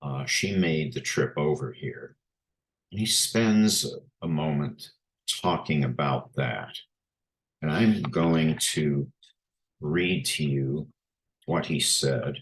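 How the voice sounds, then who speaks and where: A man presents a talk with pictures in a very low, deep voice. He speaks slowly and deliberately, often pausing on ums and uhs as he gathers his thoughts. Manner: unhurried, frequent filler sounds.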